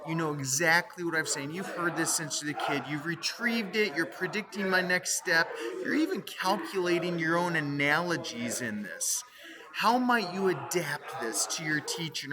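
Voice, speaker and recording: Man, middle-aged, theology lecturer, bright tense tone, animated storytelling, asks listeners questions. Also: on the high side. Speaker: theology teacher.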